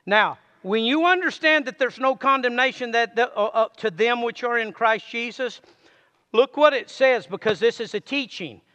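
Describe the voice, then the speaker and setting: High-voiced preacher in a reverberant hall. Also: male voice, bright, forceful tone. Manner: calls for amens, reads scripture slowly, jokes with the congregation. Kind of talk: sermon. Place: church sanctuary.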